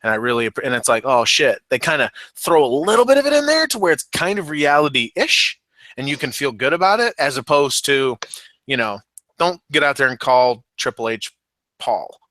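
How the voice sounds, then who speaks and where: A man co-hosting a podcast in loose, joking chat, swearing freely and slipping into silly voices when he quotes people. His voice sits a little high and sounds bright and forceful. The sound is dry and close. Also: big pitch swings, normal speed, no room sound. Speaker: podcast co-host. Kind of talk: casual chat.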